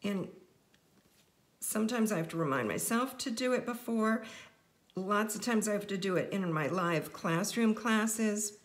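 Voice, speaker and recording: A woman's voice: mid-range voice, animated, a little slow. A middle-aged woman teaching a casual card-making tutorial, chatty and playful as she jokes with her viewers.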